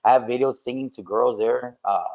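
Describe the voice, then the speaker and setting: Male guest, easygoing, with a gravelly fry in his voice; dull lo-fi sound. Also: mid-range voice, fairly quick. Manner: relaxed, switches between English and Spanish. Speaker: guest singer. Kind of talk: casual podcast chat.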